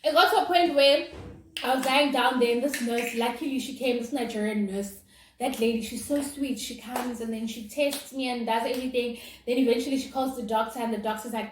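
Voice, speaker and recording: A young woman telling a personal story in a casual, animated, dramatic way, as a vlogger. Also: high voice, moderate pace. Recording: roomy with faint noise.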